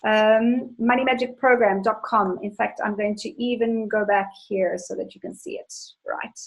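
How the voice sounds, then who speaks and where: A woman's voice: mid-range voice, fairly even intonation, normal speed, poor audio. A woman money coach hosting a live webinar, answering viewer questions with enthusiastic, chatty storytelling.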